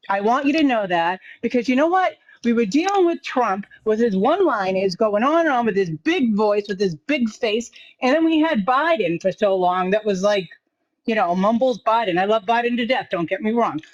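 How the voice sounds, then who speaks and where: A woman with a Boston accent calling in to a live stream, chatty and quick to laugh. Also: fairly high pitch, animated, no echo. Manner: chatty, laughs easily, jokey. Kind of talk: casual chat. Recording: dull lo-fi, dry.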